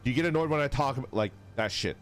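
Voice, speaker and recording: A man's voice: medium pitch, racing, soft background music. A man streaming live, chatting casually with viewers and reading their messages aloud, swearing freely. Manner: lively, swearing, reads chat aloud.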